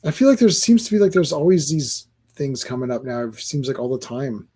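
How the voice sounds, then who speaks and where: A man's voice: medium pitch, big pitch swings, brisk, mellow, slightly rough. A man hosting a casual comic book chat, talking loosely and reading panels aloud. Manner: chatty, reads comic dialogue aloud. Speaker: comic book podcast host.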